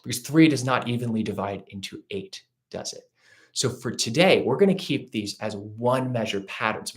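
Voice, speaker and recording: Man teaching rhythm, counting beats aloud. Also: medium pitch. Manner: counts and chants rhythms aloud while clapping; patient, explanatory, asks rhetorical questions. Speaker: ukulele teacher. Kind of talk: live-streamed music lesson.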